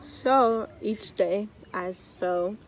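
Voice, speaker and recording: Young woman, slow storytelling, faint room hum, casual home chat. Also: mid-range voice, poor audio. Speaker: co-host telling a story.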